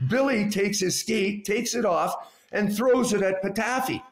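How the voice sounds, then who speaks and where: A man spins a locker-room yarn in a folksy, unhurried way, his voice pitched a bit high for a man. The sound is roomy, with noticeable echo around him. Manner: folksy, drawn-out anecdote-telling. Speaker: podcast guest. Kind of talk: casual storytelling.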